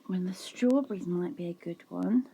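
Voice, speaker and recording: Chatty woman with a gravelly, mellow voice. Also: on the low side, moderate pace. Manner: chatty and self-mocking. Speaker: vlogger. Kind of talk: casual chat. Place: home, sitting down.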